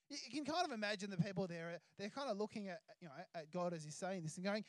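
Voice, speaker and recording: An Australian pastor preaching a sermon, emphatic, stretching key words out slowly. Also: mid-range voice, dry recording.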